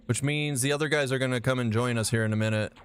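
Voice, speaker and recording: A man's voice: mid-range voice, fast talker, clear, resonant tone. A man streaming a game live, chatting casually with his chat, rambling and swearing as he plays. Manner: profane, animated, rambling.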